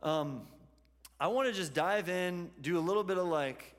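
Pastor preaching in a reverberant hall. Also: male voice, high-pitched, moderate pace. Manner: conversational storytelling preaching. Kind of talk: sermon. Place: church hall.

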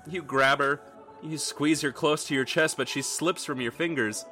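A man's voice: fairly high pitch, steady tone, normal speed, sharp tone, soft background music. A man narrating a tabletop role-playing game as game master, telling the story in dramatic second person.

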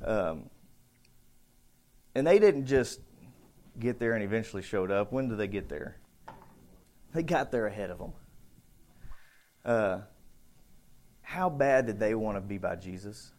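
A man preaching a casual, conversational sermon, acting out bits of the story with shouts and voices. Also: lowish voice, animated, unhurried, pauses often. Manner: conversational, thinks aloud with restarts. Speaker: pastor.

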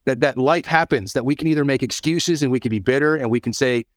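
A middle-aged man, an interview guest, telling a lively story on a video call and acting out the dialogue. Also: medium pitch, fast talker, hardly any pauses, dry recording, clean studio sound.

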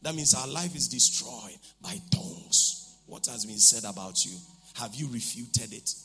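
A man preaching a sermon, shifting from low asides to shouts as he acts out what people said. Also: unhurried, husky, faint music behind.

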